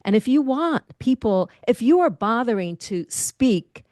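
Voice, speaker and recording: A middle-aged woman, a speaking confidence coach, giving lively advice in an interview and demonstrating different voice habits. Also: on the high side, measured pace, no room sound, studio quality.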